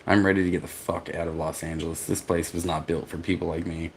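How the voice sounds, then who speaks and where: Low-voiced tired man chatting casually. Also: little pitch movement, a little hiss or hum. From Texas. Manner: rambling, halting, with restarts and laughs. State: tired from poor sleep. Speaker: vlogger reading live chat. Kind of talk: casual live-stream chat.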